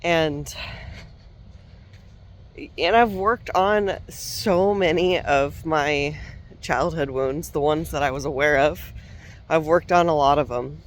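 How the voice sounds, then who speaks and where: A woman coach telling a candid personal story in a reflective, unhurried way, with soft laughs and restarts. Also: sits low. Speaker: parenting coach.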